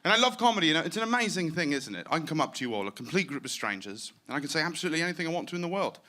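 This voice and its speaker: A man doing a stand-up set on a comedy stage, self-deprecating and profane, telling his stories in an animated way. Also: on the high side, racing. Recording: live set with clear background noise.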